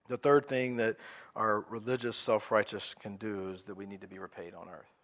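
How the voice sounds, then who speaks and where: A man's voice: on the low side, fairly even intonation, moderate pace, fairly bright tone. A man preaching a sermon as pastor, emphatic and full of rhetorical questions, often restarting his phrases.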